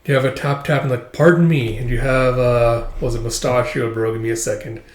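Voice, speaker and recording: A man's voice: medium pitch, level tone, a little fast. A man giving a loose, filler-heavy casual read-through of a comic chapter as its reviewer. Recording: roomy echo.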